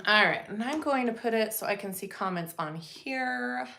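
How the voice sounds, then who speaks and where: A woman's voice: on the high side, lively intonation, moderate pace, gravelly, pushed and bright. A woman hosting a live sewing tutorial, chatting casually and greeting viewers as she works. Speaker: sewing livestream host.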